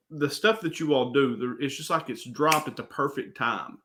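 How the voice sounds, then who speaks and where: A man's voice: mid-range voice, a little slow, background noise. A man hosting a casual interview, talking enthusiastically and rambling with lots of fillers. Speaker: interview host.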